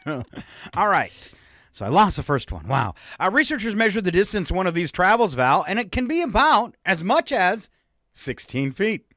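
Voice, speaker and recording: A man co-hosts a morning radio show with a joking, teasing manner, laughing easily between quips. His voice sits a bit high and leaps around in pitch. The studio mic is close and dry. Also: very animated, a little slow, long pauses, fairly bright tone, no echo. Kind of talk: morning radio banter and trivia. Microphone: studio microphone.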